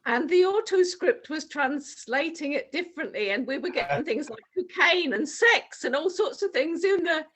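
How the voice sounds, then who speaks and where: Woman, from the UK, fairly high voice, hesitant with fillers, video call. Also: expressive, normal speed, hardly any pauses, a bit bright. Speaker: participant. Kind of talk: sharing a personal story on a video call.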